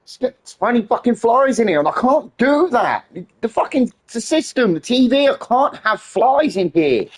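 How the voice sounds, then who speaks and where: This is a gaming streamer in full exasperated rant mode, swearing at nearly every turn. The voice sits at a middling pitch but leaps up and down with lively, animated swings. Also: moderate pace, hardly any pauses. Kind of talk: live stream chat.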